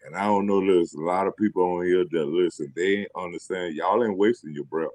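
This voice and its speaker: A man's voice: low-pitched, a little fast, a little mellow, no room sound. A man chatting loosely on a call-in show, rambling, swearing, repeating himself and laughing often. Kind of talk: casual rambling chat.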